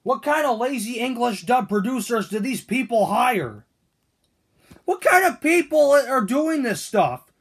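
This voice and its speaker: A man doing grumpy whiny Toad, very high voice, gravelly husky edge, lively ranting questions. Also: measured pace, full character voice. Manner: whiny, ranting, keeps asking indignant questions. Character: grumpy male Toad complaining on the couch. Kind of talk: fan-made cartoon voice acting.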